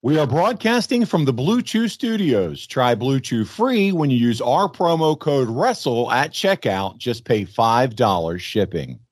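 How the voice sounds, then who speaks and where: A man hosting a podcast, friendly and chatty, sounding a little hoarse. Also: mid-range voice, sing-song, a little slow, few pauses, no room sound, studio quality. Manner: friendly, chatty, reads ad copy. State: slightly hoarse. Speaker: podcast host. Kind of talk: casual podcast chat.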